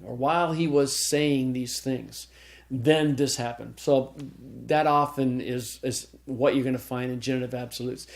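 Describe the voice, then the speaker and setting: In this recorded classroom lecture, a man teaches Greek grammar in a mellow, medium-pitched voice. He walks students through each step, frequently starting over mid-sentence, and keeps asking "okay?" to check they're following.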